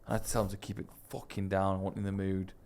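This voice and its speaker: A man's voice: low voice, little pitch movement, racing, a little mellow. Teasing man hosting a podcast. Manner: teasing, then presents like a showman. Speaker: podcast co-host. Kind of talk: casual chat.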